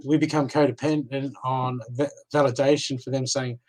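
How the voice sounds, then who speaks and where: A man's voice: medium pitch, level tone, moderate pace, a little mellow, rough recording. An Australian man giving live card readings, talking casually and reassuringly, often checking in with "okay?". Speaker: card reader.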